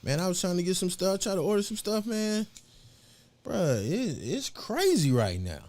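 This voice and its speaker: Rambling slangy man, lively pitch. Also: moderate pace. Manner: rambling, slangy, full of fillers. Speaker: host of a live show. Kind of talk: casual livestream chat.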